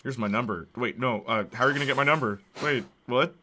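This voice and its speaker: Male gaming streamer, casual commentary, chatty, answers chat, bright ringing voice. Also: mid-range voice, fast talker, slight background noise. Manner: chatty, reads and answers chat, laughs often.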